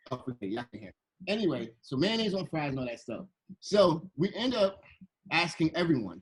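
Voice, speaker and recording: A man telling a playful, animated story to children, slipping into voices as he goes, on a video call. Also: a little high, a little fast, poor audio. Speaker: guest illustrator and storyteller.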